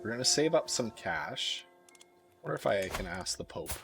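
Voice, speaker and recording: A man's voice: on the low side, expressive, normal speed, creaky, over music. A man streaming a strategy game live, reading its event text aloud and dropping wry asides to his chat. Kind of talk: live gameplay commentary.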